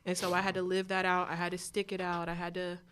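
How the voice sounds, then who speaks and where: A young woman sits in as a guest on an interview podcast, speaking candidly about her experiences. Her voice is bright and forward, and her telling is animated, full of quick impressions of the people she describes. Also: fairly low pitch, clear, resonant tone. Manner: animated storytelling with mimicked voices.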